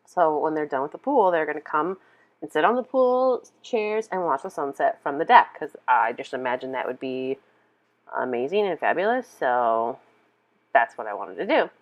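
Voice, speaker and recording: A woman's voice: deep voice, big pitch swings, normal speed. Chatty giggly woman, lo-fi voice. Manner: chatty, rambling, giggly, full of "like". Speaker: game video creator. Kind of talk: casual build walkthrough commentary.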